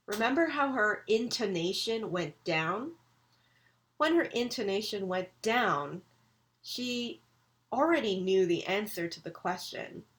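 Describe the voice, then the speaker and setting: A woman teaching a recorded university English lecture, speaking clearly and acting out example sentences. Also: mid-range voice, a bit bright.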